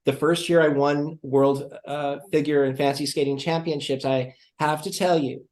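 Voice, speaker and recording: A man's voice: on the high side, steady tone, moderate pace, darkish tone. A man chatting as an interview guest, an enthusiastic and gushing storyteller. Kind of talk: casual chat.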